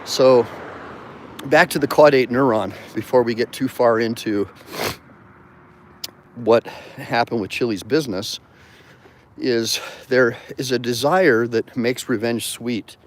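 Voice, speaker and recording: A man's voice: mid-range voice, takes it slowly, pauses often, a little hiss or hum. A man hosting a livestream as an attorney, talking outdoors while walking, conversational and digressive, stopping to thank viewers for donations. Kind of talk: rambling livestream talk.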